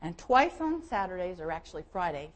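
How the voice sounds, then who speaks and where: A woman pastor with a Southern American accent and a voice on the low side preaches briskly in this low-quality recording. Her sermon is lively storytelling, with Bible stories told vividly and quoted voices acted out.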